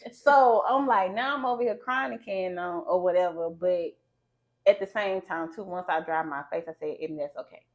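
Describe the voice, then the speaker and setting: Female host, deep-set voice, lively storyteller, muffled recording. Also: normal speed. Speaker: podcast host. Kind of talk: casual storytelling chat. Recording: slightly dull lo-fi sound.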